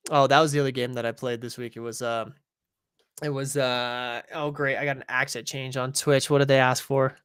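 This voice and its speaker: A man's voice: medium pitch, level tone, moderate pace, a bit bright, clean tone, no echo, clean studio sound. A man hosting a casual gaming podcast, rambling and self-deprecating as he talks. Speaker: podcast host.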